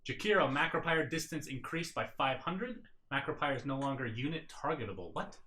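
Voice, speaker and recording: A man's voice: medium pitch, animated, a little fast, sharp tone. A man reading game patch notes aloud and joking with friends in a casual chat. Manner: reads notes aloud and jokes.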